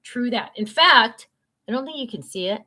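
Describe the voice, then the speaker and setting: An older woman hosts a casual livestream from home, reading viewer comments aloud and rambling with plenty of fillers. Her voice is slightly high, bright and animated, with a forceful tone at a normal speed.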